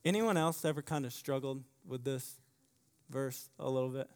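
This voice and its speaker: A man preaching a sermon, repeating key phrases and swinging from loud emphasis to quiet asides. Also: mid-range voice, normal speed, clean tone. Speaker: pastor. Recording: long hall reverb.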